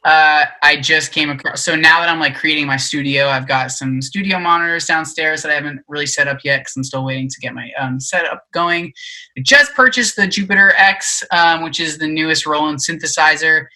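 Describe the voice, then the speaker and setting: A man's voice: on the high side, brisk, rough recording. A young man chatting on a podcast, telling a story with lots of fillers and acting out the voices of the people in it. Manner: animated storyteller, acts out quoted voices, many fillers. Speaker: podcast guest, musician. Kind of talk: casual chat, storytelling.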